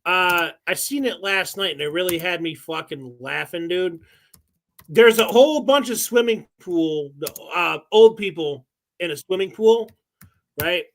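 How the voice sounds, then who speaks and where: A laid-back man with a high voice, chatting on a podcast. He swears freely and ends lines with dude. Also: measured pace, gravelly. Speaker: podcast co-host. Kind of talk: casual chat.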